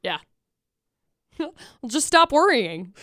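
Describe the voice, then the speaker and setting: A woman co-hosting a radio after-show, telling an animated story in casual chat and acting out little voices. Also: high voice, slow, no room sound, studio quality. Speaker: radio co-host.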